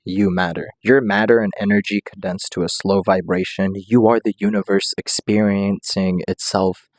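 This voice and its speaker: A man's voice: lowish voice, steady tone, moderate pace, dry recording, clean studio sound. A man streaming, rambling through a comedic monologue, often laughing and acting out quotes in silly voices.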